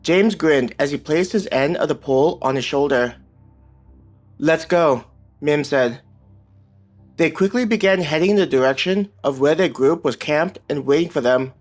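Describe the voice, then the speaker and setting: A man narrating a fantasy web novel in an even, unhurried reading voice. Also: a little high. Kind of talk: scripted audiobook narration. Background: soft background music.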